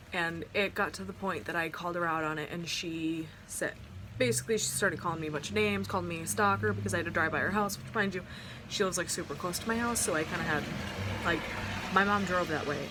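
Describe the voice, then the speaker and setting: A young woman talks straight into her phone camera at home, pouring out a personal story in loose, rambling sentences with plenty of "like" and restarts. Her voice sits a little low for a woman, and there is faint background noise from an open window. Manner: rambling, heartfelt storytelling with many fillers and restarts. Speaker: vlogger. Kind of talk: casual storytime vlog.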